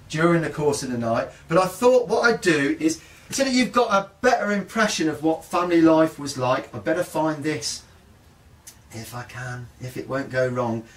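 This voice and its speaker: A man's voice: a little high, distant mic. A man, telling family stories to a live audience in a chatty, joking way. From Coventry, England. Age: 40s. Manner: chatty and joking, lively delivery. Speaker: storyteller.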